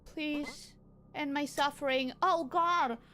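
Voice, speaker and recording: Very high-pitched excitable woman streamer. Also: takes it slowly, faint music behind. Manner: excitable, swears, repeats herself. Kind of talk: live gameplay commentary.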